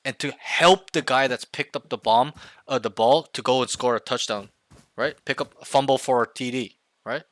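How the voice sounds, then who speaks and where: A man's voice: mid-range voice, moderate pace, dry recording. A man coaching a student one-on-one over voice chat, emphatic and often checking in with 'right?'. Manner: emphatic, often checks in with 'right?', acts out loud team callouts. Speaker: game coach.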